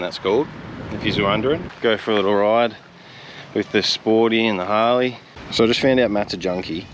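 Casual Australian vlogger, young man, fairly low voice, easygoing banter, heavy outdoor noise. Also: dull audio. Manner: laid-back, chatty, laughs often. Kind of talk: casual vlog chat. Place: outdoors by the road and beach, windy. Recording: outdoor noise from wind and traffic.

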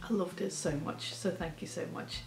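A woman's voice: lowish voice, fairly even intonation, moderate pace. A woman hosting a reaction video, tearful and crying, gushing with praise and laughing through her tears. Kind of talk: emotional reaction commentary. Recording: roomy echo.

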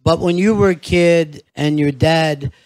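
A man's voice: fairly high pitch, measured pace, darkish tone. A male radio host in interview talk, earnest and blunt with casual profanity. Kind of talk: interview conversation. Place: comedy club.

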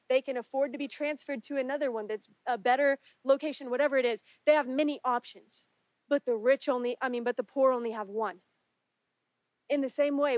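A woman's voice: high voice, dry recording. A woman preaching a sermon in church, earnest and pleading, her voice rising in intensity when she prays aloud. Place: church sanctuary.

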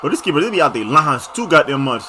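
A young man casually reacting to video clips, slangy and excitable, often bursting into shouts. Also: on the high side, fast, slight background noise.

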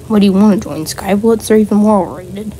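A woman's voice: medium pitch, fast, mellow, slight background noise, poor audio. A woman chatting casually with a friend while they play a game together, giggly, playful and chatty. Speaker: gamer playing with a friend. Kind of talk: casual chat over gameplay.

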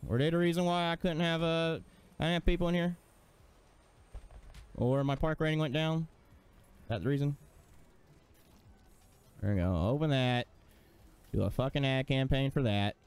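A man's voice: a little high, normal speed, long pauses, darkish tone, smooth. A man commentating his gameplay, exasperated, swearing and ranting at the game. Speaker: gaming streamer.

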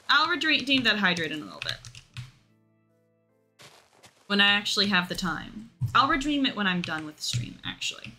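A woman's voice: lowish voice, sing-song, normal speed, bright, forceful tone, soft background music. A woman streaming a game live, chatting casually, reading out chat and thanking followers. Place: home.

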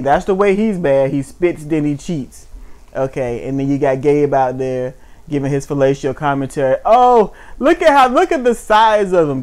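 A man's voice: medium pitch, warm tone. A man co-hosting a casual wrestling chat, blunt and mocking, with frequent swearing. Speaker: podcast co-host.

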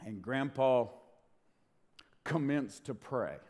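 Middle-aged male pastor, mid-pitched, preaching with passion, quiet then booming, in a big echoing church. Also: expressive, slow pace. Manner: swings from hushed to loud, impassioned. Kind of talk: sermon. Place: church sanctuary. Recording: long hall reverb.

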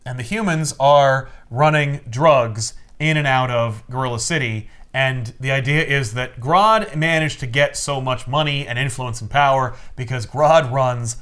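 A man hosting a podcast, casually recapping a comic story in an animated way, acting out the characters and saying "like" often. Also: mid-range voice, a little slow, hardly any pauses, smooth. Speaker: podcast host.

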